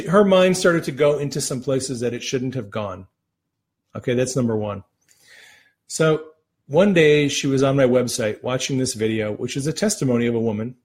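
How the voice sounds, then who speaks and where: A man's voice: mid-range voice, a little mellow, husky. A man hosting a faith talk show, speaking earnestly and conversationally as he retells a healing story. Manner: earnest, conversational, retells stories with quoted voices. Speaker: ministry host.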